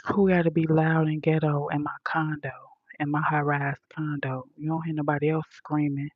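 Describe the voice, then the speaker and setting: A woman ranting bluntly and profanely to her viewers, talking softly into a headphone mic at home in a condo. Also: deep voice, flat delivery, moderate pace, no echo, narrow, tinny audio. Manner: blunt, profane, soft-spoken. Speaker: vlogger. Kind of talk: casual rant to viewers. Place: high-rise condo.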